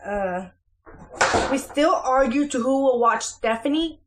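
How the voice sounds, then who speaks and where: A young mother talks to the camera in a relaxed, rambling home vlog, her voice a touch high. She keeps circling back with fillers and restarts as she chats from her kitchen. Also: unhurried, noisy background. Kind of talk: casual chatty life update.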